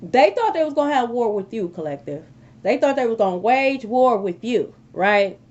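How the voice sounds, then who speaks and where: A woman delivers a tarot reading in a high, animated voice, repeating herself and dropping frequent "okay?" asides. The recording is a little dull and lo-fi. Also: normal speed. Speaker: tarot reader. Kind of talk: casual tarot reading to viewers.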